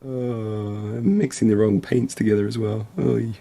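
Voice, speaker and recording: Brief: man, low gravelly voice, rambling self-deprecating stream chat. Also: steady tone, measured pace, dark tone. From Essex, England. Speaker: livestream co-host. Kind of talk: casual chat while painting.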